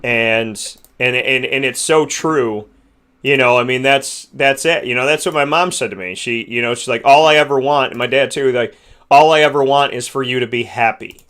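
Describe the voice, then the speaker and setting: Man, podcast host, bright voice, earnest, rambling, heartfelt. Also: mid-range voice, moderate pace. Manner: earnest, rambling with many restarts.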